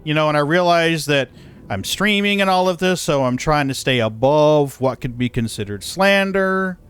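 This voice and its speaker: Also streaming live from a moving vehicle as he hauls cargo, this man has a slightly high, smooth, somewhat bright voice, expressive and at normal speed. He chats casually, recounting a story with exasperation and profanity.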